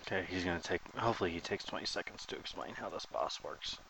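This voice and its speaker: Male gamer, fairly low voice, casual thinking-aloud commentary. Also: fast talker, vocal fry, pushed and bright, a little hiss or hum, poor audio. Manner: thinks aloud while playing, chatty and joking. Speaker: gamer commentating his own play.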